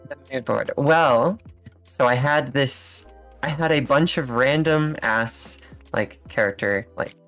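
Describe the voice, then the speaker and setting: A man as an interview guest, telling stories in a relaxed, rambling way with fillers and small laughs. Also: mid-range voice, slow, soft background music. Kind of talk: casual interview chat.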